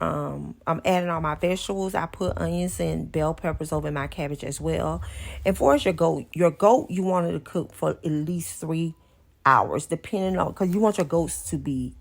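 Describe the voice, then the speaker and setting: Woman, cooking vlog voice-over, low voice, gravelly texture, chatty homey how-to. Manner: chatty, homey instructions with repeated phrases. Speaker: cooking channel host.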